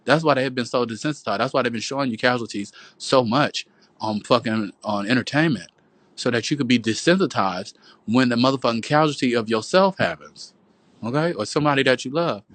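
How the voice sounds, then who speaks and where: A male livestream host at home rambles through a profane, preachy monologue on his phone, sermon-like and repetitive, calling his audience "boo" and "y'all." His mid-range voice has a fairly bright tone. The audio carries no echo.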